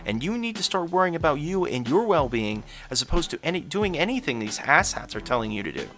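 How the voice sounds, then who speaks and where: A man's voice: mid-range voice, sharp tone. A man delivering scripted commentary in a blunt, exasperated way. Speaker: YouTube commentator.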